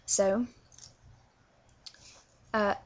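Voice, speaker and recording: Slow-talking young London woman. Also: lo-fi sound, slight background noise. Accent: London English. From England. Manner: chatty, many filler words. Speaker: vlogger teaching accents. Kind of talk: casual tutorial.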